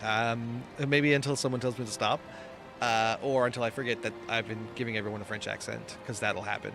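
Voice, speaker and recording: A man's voice: medium pitch, steady tone, brisk, gravelly, music in the background. A man chatting casually as he plays through a video game, easily amused and rambling. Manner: chatty, easily amused, wanders between thoughts. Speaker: game streamer. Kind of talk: casual gameplay commentary.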